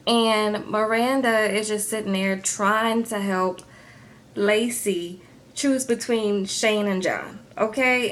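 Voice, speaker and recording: A woman recapping a reality show in a gossipy, chatty vlog, often asking "okay?". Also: mid-range voice. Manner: gossipy, animated, addresses viewers with "okay?". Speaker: YouTube reality TV reviewer.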